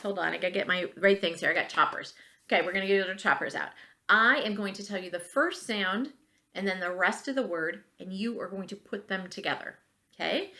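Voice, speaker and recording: Bright-voiced woman teaching phonics. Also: medium pitch. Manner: slow, clear and encouraging, stretching sounds for children. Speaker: elementary school teacher. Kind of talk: phonics lesson for young children. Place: bedroom at home.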